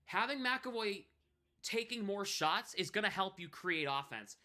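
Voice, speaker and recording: Young male hockey streamer, play-by-play, bright, slightly high voice, chatty between calls. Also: normal speed. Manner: excited play-by-play, chatting with chat between plays. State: coughing, choking on saliva. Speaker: livestream hockey commentator. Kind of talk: live play-by-play commentary.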